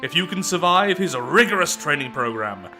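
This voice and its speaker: A man's voice: a little high, sing-song, moderate pace, music in the background. A man voicing a vain, muscle-proud male strongman in an odd put-on foreign accent, pompous and formal. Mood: lecturing.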